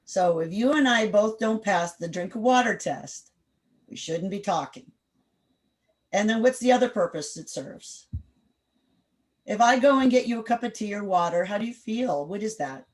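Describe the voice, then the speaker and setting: A woman leading an interactive online class over a video call, direct and firm, quizzing the group with quick questions. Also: medium pitch, lively intonation. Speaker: workshop instructor.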